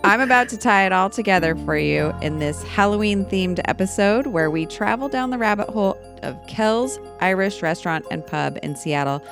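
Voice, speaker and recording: A woman's voice: medium pitch, expressive, moderate pace, few pauses, over music. An older woman co-hosting a podcast, chatting casually and animatedly, laughing often. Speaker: podcast co-host. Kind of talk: casual chat.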